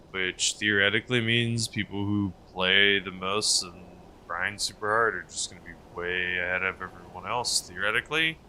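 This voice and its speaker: A man's voice: lowish voice, sharp tone. A male streamer in casual live-stream chat, rambling and answering his chat's messages as he plays.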